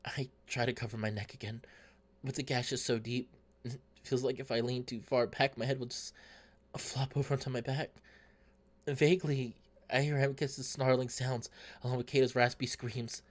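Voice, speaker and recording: A man reading a visual novel aloud in steady first-person narration. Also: medium pitch, normal speed. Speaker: let's play narrator.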